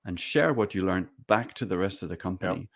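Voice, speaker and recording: A man co-hosting a podcast, giving relaxed advice to leaders in casual conversation. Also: low voice, a little fast, vocal fry. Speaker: podcast co-host.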